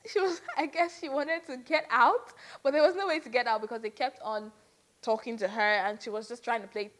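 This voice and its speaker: Young woman ranting with exasperation. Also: on the high side. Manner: exasperated, animated ranting with frequent "like". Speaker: commentator. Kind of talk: casual reality-show gossip commentary.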